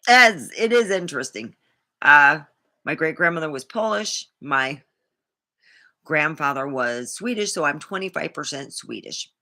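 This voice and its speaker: A woman's voice: low voice, animated, measured pace, bright, forceful tone. A woman vlogger talking in a rambling, indignant way, swearing freely as she tells a personal story. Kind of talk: casual monologue to camera.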